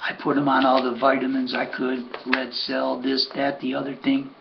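A man's voice: medium pitch, monotone, normal speed, creaky. An older man, a horse trainer, telling a rambling personal anecdote in a conversational way, full of restarts and asides. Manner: rambling, conversational, says "buddy", many restarts. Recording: dull lo-fi recording with faint hum.

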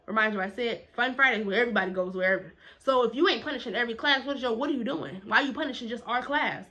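A young woman telling a story in a casual vlog, animated and emphatic, with quick indignant retorts. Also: a little high.

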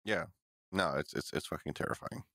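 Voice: extremely low pitch, a little fast, a bit bright, no echo, studio quality. A young man co-hosting a podcast in casual chat, laid-back and swearing freely with lots of fillers. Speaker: podcast co-host.

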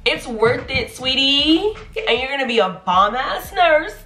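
A young woman in her twenties talks in a lively, playful way, full of warm encouragement. Her voice bounces off the walls of an echoey room. Faint music plays underneath. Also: high-pitched, a little slow. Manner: animated, chatty, playful, encouraging. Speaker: nursing graduate vlogger. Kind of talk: casual advice vlog.

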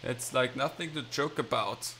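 A man's voice: mid-range voice, normal speed, pushed and bright, slight background noise. A man giving casual, rambling, self-mocking commentary while he plays a video game. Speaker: gaming channel host. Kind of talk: casual let's-play commentary.

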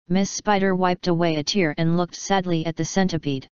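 Woman narrating a story, very clear voice. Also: fairly low pitch, moderate pace, hardly any pauses, no room sound, dull audio. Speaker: audiobook narrator.

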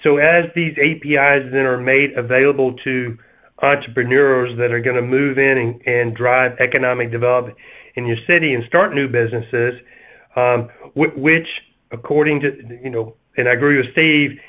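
Southern-accented man speaking haltingly on a webinar. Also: medium pitch, steady tone, bright, forceful tone, rough recording. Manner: halting, many fillers and restarts. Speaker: webinar panelist. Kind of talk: webinar discussion.

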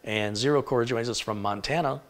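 A man from Michigan hosting a live tech stream, briskly reading out where viewers are tuning in from and stumbling over hard-to-pronounce names. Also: mid-range voice, a bit bright. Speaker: tech livestream host.

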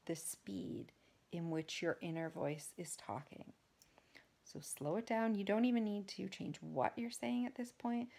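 Low, gravelly woman coach talking plainly, dropping into soft slow whispers. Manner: shifts into soft slow whispers to demonstrate calm speech. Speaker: wellness coach. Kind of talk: instructional talk to camera.

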